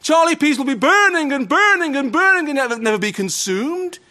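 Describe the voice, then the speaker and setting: A condemned criminal, cocky and bold as brass , acted out by a male preacher. He speaks high and forceful, repeating his questions with rising urgency, in a sermon story. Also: big pitch swings, fast talker. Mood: frantic. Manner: loud, pleading repetitions.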